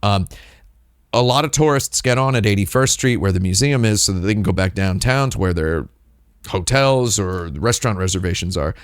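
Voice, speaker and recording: A man's voice: on the low side, animated, moderate pace, no room sound, clean studio sound. A man hosting a livestream, telling a long, digressive anecdote with wry asides. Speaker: livestream host. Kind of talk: casual storytelling on a livestream.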